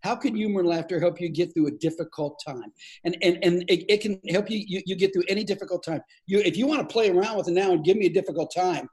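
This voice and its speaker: This is an older man with a fairly high voice. He is a comedian telling stories as a guest, and he does it playfully and with animation, often laughing along with his own tales. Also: fast talker, darkish tone. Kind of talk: storytelling in a podcast interview.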